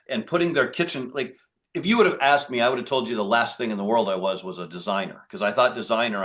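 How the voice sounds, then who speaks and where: A man's voice: medium pitch, fairly bright tone. A man being interviewed as a guest. He talks in a conversational, rambling way and often restarts his sentences. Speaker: podcast guest, business owner. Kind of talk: casual interview talk.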